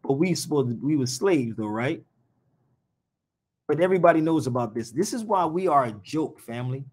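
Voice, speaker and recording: A man's voice: on the high side, expressive, normal speed, darkish tone. A man hosting a live show in a casual stream, talking in an impassioned, blunt and rambling way, heavy on slang.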